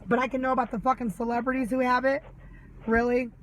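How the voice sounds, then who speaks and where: A woman's voice: a little high, level tone, fast talker, slight background noise, rough recording. A mother ranting angrily to camera, sarcastic and full of swearing. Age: adult mother. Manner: heated, sarcastic, swears a lot. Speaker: vlogger. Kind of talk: angry ranting monologue.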